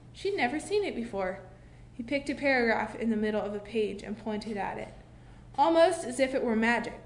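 A woman reading a children's book aloud, expressive, with slow dramatic pauses. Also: a little high. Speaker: narrator. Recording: echoey room with faint hiss.

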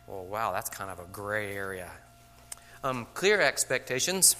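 A man with a bright, forceful voice gives a casual talk to a room of teachers. He keeps asking "okay?" and "all right?" and slips into little acted-out classroom moments. A faint hum runs under the recording. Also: mid-range voice, very animated, moderate pace. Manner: frequent "okay?" check-ins, acts out classroom scenes. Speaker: teacher trainer. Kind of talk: conversational lecture to teachers.

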